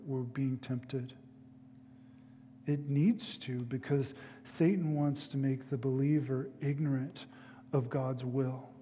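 A man's voice: mid-range voice, warm tone, a little hiss or hum. Man preaching in a reverberant hall. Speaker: pastor. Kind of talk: sermon.

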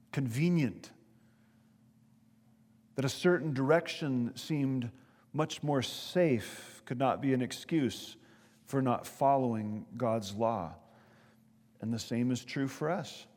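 A man preaching a sermon as pastor, earnest, reading scripture aloud slowly and emphatically. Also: medium pitch, a little mellow, long reverb tail.

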